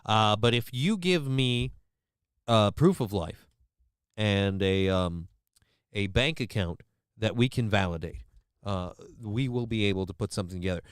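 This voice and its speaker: A man's voice: lowish voice, unhurried, smooth, dry recording, studio quality, pitched below the performer's own voice, natural voice. A man putting on a formal, businesslike voice as a family's crisis management agent. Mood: mock formal. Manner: stiff, polite, businesslike. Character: calm male crisis negotiator, mock-formal.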